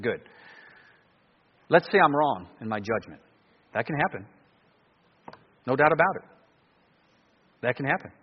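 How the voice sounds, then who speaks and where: A male pastor preaching a sermon in an animated way, full of rhetorical questions and frequent restarts. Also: mid-range voice, breathy edge. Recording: dull, lo-fi recording with long reverb.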